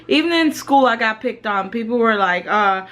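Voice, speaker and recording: A woman's voice: fairly high pitch, animated, moderate pace, a bit bright, low-quality recording. Chatty woman vlogging from home. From Jamaica. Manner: chatty and rambling, many "you know"s. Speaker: family vlogger. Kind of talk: casual vlog chat to camera.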